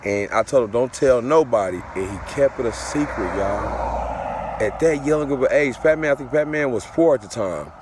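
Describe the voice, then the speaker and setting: A man's voice: medium pitch, animated, moderate pace, heavy background noise. A father telling a personal story in a casual, profane, repetitive way, looping back over the same phrases.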